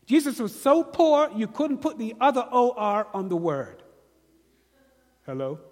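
A British man delivers a sermon in a high, unhurried voice, pausing to throw questions to his congregation and get responses. His words carry a long reverb, as if filling a church hall. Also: sing-song, darkish tone. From Britain. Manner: call-and-response preaching, rhetorical questions to the congregation. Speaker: preacher.

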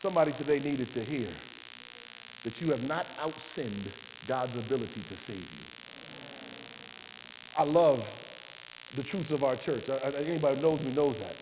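A man preaching a sermon, telling a testimony with passion, his voice swinging from hushed to loud. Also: medium pitch, lively intonation, normal speed, long pauses. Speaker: preacher and doctor. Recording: long hall reverb with electrical hum and hiss.

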